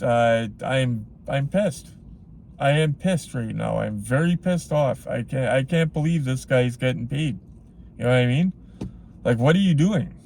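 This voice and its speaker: A man's voice: a little high, a little mellow, slight background noise. A man talking straight to his viewers in a casual vlog, blunt and rambling, full of "like" and "you know what I mean". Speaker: collectibles vlogger.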